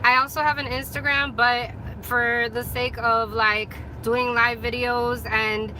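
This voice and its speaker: Chatty bright-voiced woman vlogging from a car. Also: on the high side, little pitch movement, unhurried, a little hiss or hum, rough recording. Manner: chatty and rambling, apologetic asides. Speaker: vlogger and radio host. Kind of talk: casual vlog chat.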